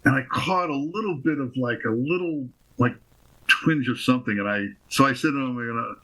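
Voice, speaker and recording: A man being interviewed as a guest actor, rambling through affectionate anecdotes in a relaxed chat. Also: mid-range voice, brisk, poor audio.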